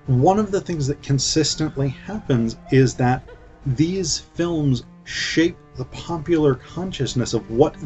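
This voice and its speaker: A man's voice: medium pitch, darkish tone. A man talks through an old film in a loose, flippant review, full of "um" and "like". The recording is dull and lo-fi, with faint music under him. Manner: flippant, chatty, with many fillers. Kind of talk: casual film commentary.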